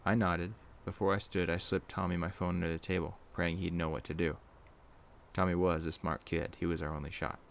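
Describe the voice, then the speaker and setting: A man giving a steady, measured first-person reading of a scary story as the channel's narrator. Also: low-pitched, vocal fry. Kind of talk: scripted horror narration.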